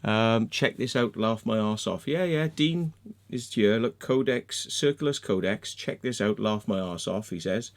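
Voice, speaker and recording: A vlogger with a lowish, slightly slow voice rants angrily at his viewers in a sarcastic, mocking monologue. He swears a lot and caps off his points with "yeah?" or "right?"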